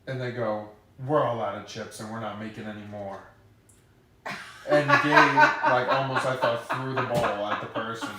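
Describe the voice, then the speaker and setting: A man's voice: medium pitch, lively intonation, creaky, noisy background. Laid-back man in a very echoey room. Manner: laid-back, swearing, quick agreeing. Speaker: podcast co-host. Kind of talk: casual chat, storytelling.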